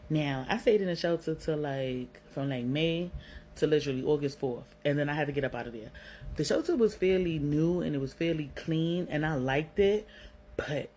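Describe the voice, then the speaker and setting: At normal speed, a young woman with a low, dark-toned voice and a New York accent from Brooklyn tells a personal tale bluntly. She's slangy, curses freely and fills her speech with "like." Slight background noise marks the rough recording.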